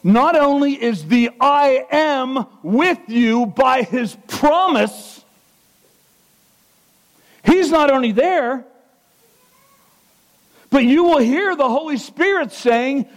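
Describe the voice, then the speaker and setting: A man preaching a sermon who swings from loud, high exclamations to quiet, low earnestness and puts questions to the congregation. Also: animated, slow pace, long pauses, low-quality recording.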